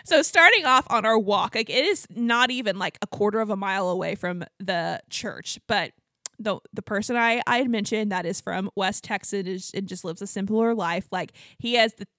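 A woman co-hosting a podcast, telling a story in a fast, animated way with lots of filler words. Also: medium pitch, no echo. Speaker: podcast co-host. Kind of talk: casual storytelling chat.

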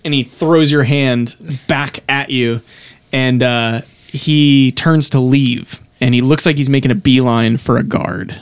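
A man narrating as game master of a tabletop game, relaxed and halting with many fillers. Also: medium pitch, smooth, no room sound.

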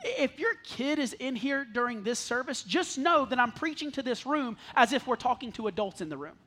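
High-voiced man preaching a sermon. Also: lively intonation, normal speed, bright, forceful tone. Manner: earnest, repeats words when restarting. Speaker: pastor. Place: church service before a congregation.

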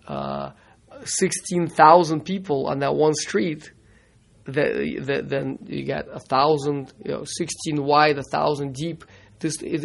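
A man teaching a Torah class, halting and repeating words, mixing Hebrew terms into his English. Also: fairly high pitch, gravelly.

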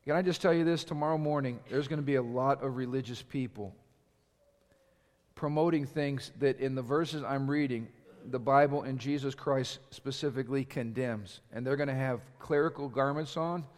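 A man's voice: medium pitch, normal speed, a little mellow. A man preaching a sermon, asking his congregation rhetorical questions and building up in volume. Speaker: pastor. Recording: long hall reverb.

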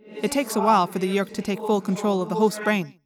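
A woman voicing a calm, formal male alien warrior in an audiobook, with measured, precise diction. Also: medium pitch, a crowd in the background, natural voice. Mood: explaining. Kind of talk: audiobook character reading.

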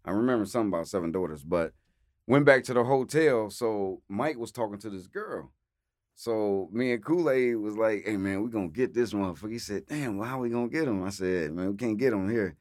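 A man's voice: lowish voice, a little fast, no room sound, clean studio sound. A man casually telling road stories, acting out voices and laughing often. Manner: animated, acts out voices in anecdotes, laughs often. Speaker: storyteller guest. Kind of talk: casual storytelling chat.

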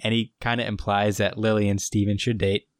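A man co-hosts a podcast, casually recapping a TV episode, quoting its lines and laughing often. His voice is on the low side with little pitch movement, and he talks a little fast. The sound is studio quality, free of echo.

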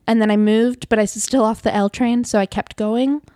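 Female podcast guest, somewhat high pitch, dry close mic, relaxed and giggly. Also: a little fast, no echo. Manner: relaxed, chuckles between phrases. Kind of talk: casual chat.

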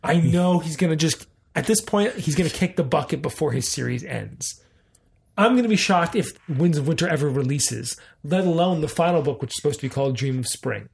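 A man co-hosting a podcast in casual chat, retelling scenes in an animated way with quick asides. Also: fairly high pitch, creaky. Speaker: podcast co-host.

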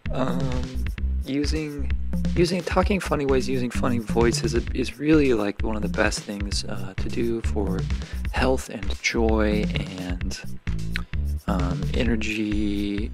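A man hosting a podcast who talks in a rambling, excitable way and swears now and then. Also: fairly low pitch, slow. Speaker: podcast host. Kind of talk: casual monologue. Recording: music playing behind the voice. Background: music.

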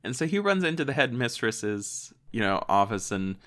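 A podcast co-host recapping a story in a loose, rambling way. His voice is bright and forceful. He reads passages aloud between bits of casual chat. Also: medium pitch, very animated, moderate pace.

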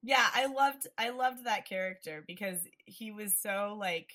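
A woman in casual conversation about a film, animated, often slipping into quoted lines from the characters. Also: medium pitch, unhurried.

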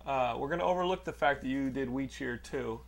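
A man's voice: medium pitch, a little fast, vocal fry. A young man hosting a casual podcast chat, telling rambling stories and teasing his guest with lots of laughter. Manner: rambling, teasing storyteller who laughs a lot. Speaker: podcast host.

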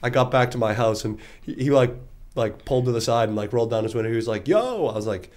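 A man's voice: mid-range voice, level tone, fast talker, a little mellow. A young man co-hosting a podcast, chatting casually with friends and telling stories with frequent laughs. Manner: laughing storyteller, says dude. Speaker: podcast co-host. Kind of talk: casual chat among friends.

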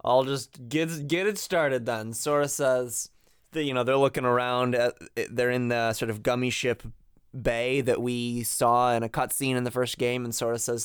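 Guy on a podcast retelling a game plot, quoting lines with little jokes, smooth voice. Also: medium pitch, fairly even intonation, moderate pace, dry recording, clean studio sound. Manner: reads out characters' lines with light comic asides. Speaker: podcast co-host. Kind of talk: casual chat, recapping a game's story.

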